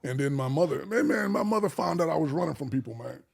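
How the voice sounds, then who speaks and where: A man from Arkansas telling an animated life story as a podcast guest, acting out the people he quotes and swearing freely. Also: fairly high pitch, quick pace, vocal fry. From Arkansas, USA.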